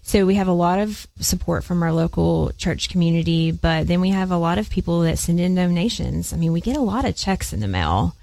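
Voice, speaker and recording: A woman's voice: on the low side, lively intonation, a little fast, vocal fry, few pauses, dark tone, dry recording. A woman guest in an interview, talking upbeat and enthusiastically about her organization's fundraisers. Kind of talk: casual interview chat.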